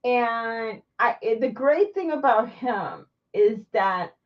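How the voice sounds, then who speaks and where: Higher-voiced woman, halting candid vlog talk. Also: lively intonation, recorded from a distance, lo-fi sound. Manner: halting and rambling, with many restarts. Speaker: vlogger. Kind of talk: candid personal vlog chat.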